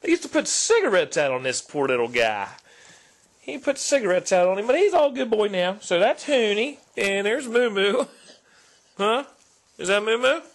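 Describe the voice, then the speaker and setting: A man hosting his own vlog, chatting casually and rambling as he shows his dogs. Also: high voice. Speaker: vlog host. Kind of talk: casual chat.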